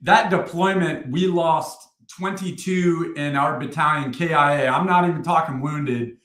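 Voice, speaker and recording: Male veteran guest, 40s, slightly high voice, roomy echo, salty animated storytelling. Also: unhurried. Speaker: podcast guest, retired army first sergeant. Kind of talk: casual war storytelling.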